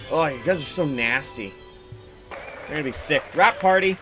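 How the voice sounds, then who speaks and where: A man's voice: fairly high pitch, unhurried, pauses often, a bit bright. A man giving casual, profane, joking commentary while playing a strange video game. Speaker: let's play host. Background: game music.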